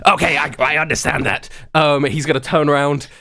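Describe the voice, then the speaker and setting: A man narrating a tabletop game as game master, lively and laughing often. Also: on the high side, brisk, vocal fry, no echo, studio quality.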